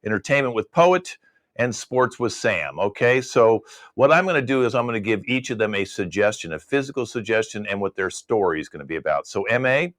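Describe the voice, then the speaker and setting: A man's voice: fairly low pitch, lively intonation, brisk, fairly bright tone. A man hosting an online improv comedy show, casually explaining the games to the players. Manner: easygoing, explains game rules. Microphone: video call.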